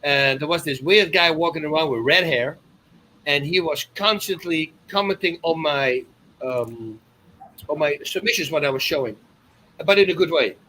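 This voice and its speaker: A man in his fifties from the Netherlands with a Dutch accent, a podcast guest telling animated stories with loud exclamations. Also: fairly high pitch, normal speed, a little hiss or hum, rough recording. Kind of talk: casual storytelling.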